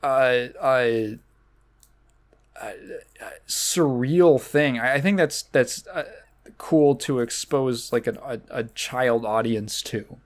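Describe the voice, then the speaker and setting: A man hosting a casual solo podcast, rambling along with many fillers and restarts. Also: medium pitch. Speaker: podcast host.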